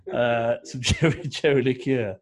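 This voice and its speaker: A man's voice: medium pitch, steady tone, unhurried. Chatty man telling cocktail history. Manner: rambling, jokey storytelling with many fillers. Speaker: co-host. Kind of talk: casual podcast chat.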